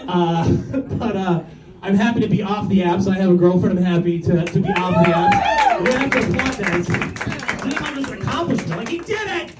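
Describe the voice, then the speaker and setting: A man with a strikingly high voice doing stand-up in a club, heard from a bit off the mic in a roomy space. He rambles and swears, poking fun at himself while a crowd laughs clearly behind him. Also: huge pitch swings, normal speed, far from the mic. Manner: rambling, profane, self-mocking. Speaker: stand-up comedian. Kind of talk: stand-up comedy set. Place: comedy club stage. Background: audience laughter.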